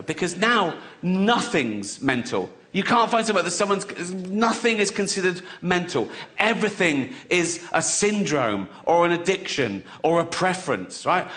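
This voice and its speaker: A man's voice: high voice, a bit bright. A middle-aged man doing a stand-up comedy set, swearing freely and often cracking up at his own jokes.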